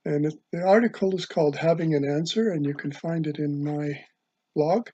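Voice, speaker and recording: Casting note: man, online preacher, husky and slightly high voice, hesitant delivery, dull lo-fi recording. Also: mellow. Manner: halting, with many ums and uhs. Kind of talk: religious video sermon. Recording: dull lo-fi sound.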